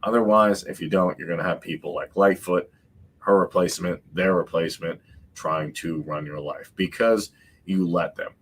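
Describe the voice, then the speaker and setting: Male podcast host, very low voice, blunt emphatic commentary. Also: fairly even intonation, moderate pace, a little hiss or hum. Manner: emphatic, repeats points, mocking asides.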